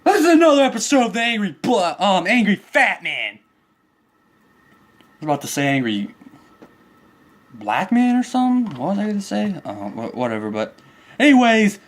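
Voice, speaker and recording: A man's voice: high-pitched, big pitch swings, normal speed, pauses often. A man in the middle of a heated, profane rant, his voice swinging widely up and down as he gets worked up. He talks crudely and swears constantly, keeping the whole tirade at a boil. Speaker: vlogger ranting about his neighbor.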